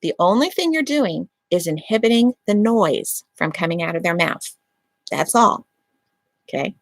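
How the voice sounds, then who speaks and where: A woman's voice: medium pitch, dry recording. A woman hosting a parenting advice channel, explaining a method step by step and often checking in with "okay?". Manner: acts out calm lines to a child in a gentle voice. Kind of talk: instructional talk to camera.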